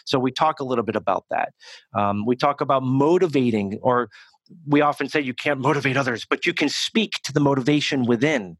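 A man working as an executive communication coach, answering interview questions in a lively, conversational way, often restarting his sentences. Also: mid-range voice, a little fast, no room sound. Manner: animated, self-correcting restarts.

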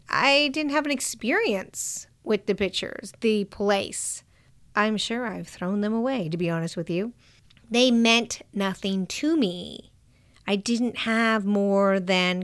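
A woman giving a calm, measured motivational talk to entrepreneurs, sometimes dropping to a soft whisper. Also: fairly high pitch.

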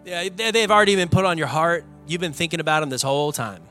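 A man's voice: a little high, quick pace, a bit bright, soft background music. A young adult man, a pastor preaching an earnest, conversational sermon in a church, building to emphatic peaks. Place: church sanctuary.

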